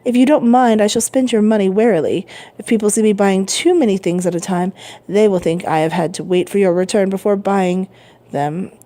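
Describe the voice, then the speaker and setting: A woman voicing a frail, gentle old man who is a self-sacrificing father, speaking softly in a storybook reading. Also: medium pitch, brisk, close to an everyday voice. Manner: gentle, soothing.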